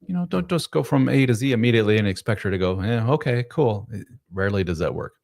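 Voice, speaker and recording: A man with a very low, deep voice hosts a live advice chat, speaking frankly and bluntly. He swears casually and talks straight to his listeners with no sugarcoating. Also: sing-song, racing, vocal fry, darkish tone. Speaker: host.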